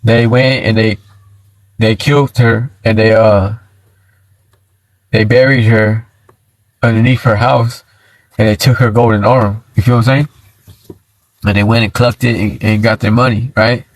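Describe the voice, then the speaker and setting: A man's voice: lowish voice, fairly even intonation, measured pace, long pauses, no echo, low-quality recording. A man chatting casually and telling a story on a livestream from inside his car, in a slangy, laid-back way that keeps checking in with his listeners. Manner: slangy and laid-back, lots of "you feel me".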